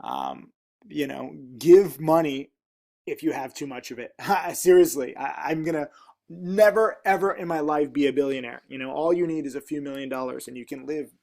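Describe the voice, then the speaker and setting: A man's voice: fairly high pitch, expressive, moderate pace, gravelly, darkish tone. A man in his thirties with a casual vlog voice, reading viewer comments aloud and reacting to them in a frank, rambling way with many fillers.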